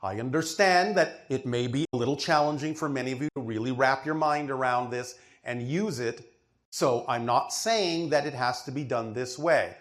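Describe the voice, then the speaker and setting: A man with a medium-pitched voice, speaking at normal speed, answers a questioner with a channeled spiritual teaching. His delivery is emphatic and didactic, and he frequently checks that he is understood.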